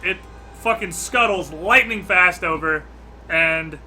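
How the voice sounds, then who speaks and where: A man's voice: high-pitched, a little slow, bright, forceful tone, a little hiss or hum. A man running a tabletop game as game master, narrating scenes loosely with lots of fillers.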